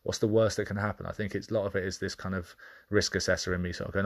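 A man with a deep, low voice speaks on his own podcast. He is candid and reflective, often pausing and restarting mid-thought as he works out what he means. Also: little pitch movement. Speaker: podcast host. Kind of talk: reflective personal monologue.

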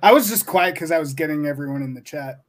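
A man's voice: a little high, fast. A man in a casual live-stream chat, playful and laughing often.

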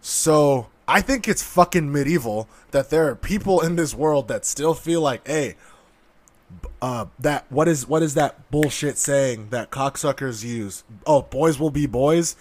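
A man's voice: on the high side, unhurried, darkish tone. A man giving heated, profane ranting commentary in an aggressive, sarcastic manner. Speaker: online commentator.

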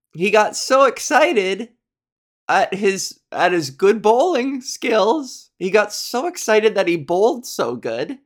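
A woman hosting a solo podcast, chatting casually in a rambling, jokey way, full of ums and self-corrections. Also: medium pitch. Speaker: podcast host.

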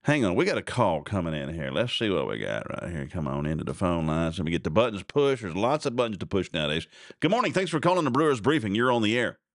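A man's voice: deep voice, sing-song, quick pace, dry recording. A man hosting a casual radio talk show from a studio, rambling in a folksy way and repeating himself.

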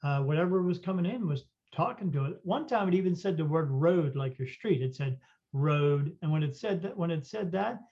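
Rambling man with a higher voice. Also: lively intonation, normal speed, warm tone. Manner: rambling, full of fillers and restarts. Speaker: psychic medium guest. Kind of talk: casual storytelling. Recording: dull lo-fi recording.

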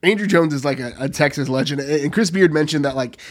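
A man co-hosting a sports podcast, giving steady, upbeat commentary in a casual way. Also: a little high, a little fast. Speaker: podcast co-host.

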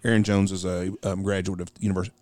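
A man with a lowish voice rattles off quick, casual talk as a host watching a game with friends. He jokes in a teasing way and states made-up facts with a straight face. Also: level tone, darkish tone. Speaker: podcast host.

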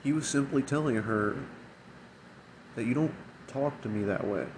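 A man in a casual, profanity-laced rant about a bad night at work. His voice sits at an ordinary middle pitch, and he slips into mocking voices when quoting people. A faint air conditioner hums in the room behind him. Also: normal speed, noisy background. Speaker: restaurant shift manager.

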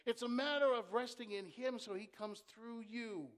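A man preaching a sermon as pastor, swinging from impassioned shouts to near-whispers and calling on the congregation to answer. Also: very high voice, moderate pace. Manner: impassioned preaching that drops to a hush; calls for congregation responses. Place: church.

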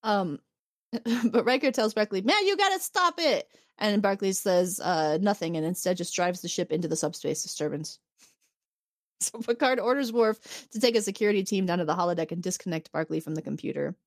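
A woman's voice: on the low side, fairly quick, no room sound, studio quality. A woman co-hosting a podcast, casually retelling a TV episode, acting out the characters' lines and laughing often. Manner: animated storytelling, acts out quotes, laughs often. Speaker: podcast co-host recapping an episode. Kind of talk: casual chat.

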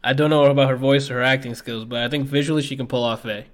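A man's voice: medium pitch, fairly even intonation, fast talker. A man co-hosting a casual chat show, rambling and tripping over his words as he talks. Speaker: podcast co-host.

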